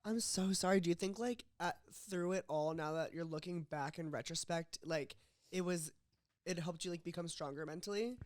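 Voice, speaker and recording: Female co-host with a lower voice, warm questions, casual and sympathetic. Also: normal speed, dry recording, clean studio sound. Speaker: podcast co-host. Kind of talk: casual chat.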